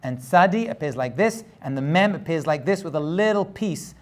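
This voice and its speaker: A man's voice: on the high side, expressive, moderate pace. A man, a rabbi, giving a step-by-step lesson in a patient way, repeating points, checking in with the learner and correcting his own slips as he goes. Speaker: rabbi teaching Hebrew script.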